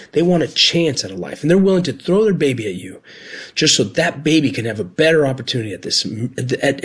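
A former Border Patrol agent and medic, a man speaking earnestly about his past work, halting at times with restarts. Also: mid-range voice, breathy edge. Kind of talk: personal storytelling.

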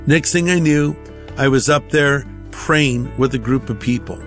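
A man's voice: mid-range voice, measured pace, soft background music. A male pastor telling a personal testimony in a conversational sermon style, acting out the voices of others. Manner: conversational, acts out quoted voices.

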